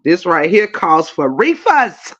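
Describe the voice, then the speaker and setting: A livestream host casually retelling a story to the chat, animated and profane, with emphatic, drawn-out phrases. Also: mid-range voice, highs cut off. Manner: animated and profane, with frequent laughing fits.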